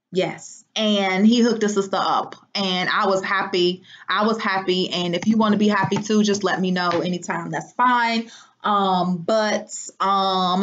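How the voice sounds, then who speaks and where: Rambling woman on a lo-fi livestream. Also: medium pitch. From Washington, D.C. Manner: rambling, animated, folksy slang. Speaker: livestream host. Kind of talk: casual livestream chat. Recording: dull lo-fi sound.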